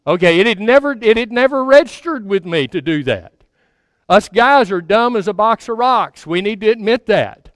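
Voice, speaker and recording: A man in his sixties preaches in a folksy, self-mocking manner, often stammering and restarting his sentences. His voice sits high and sounds smooth and resonant. The sound is dry and close. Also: fairly bright tone, no room sound. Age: 60s. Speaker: pastor. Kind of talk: storytelling sermon.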